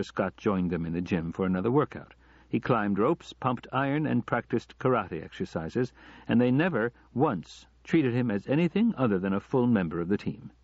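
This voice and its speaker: A man reading an audiobook in steady, measured narration, in a dull lo-fi recording. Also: medium pitch, slightly rough, dry recording.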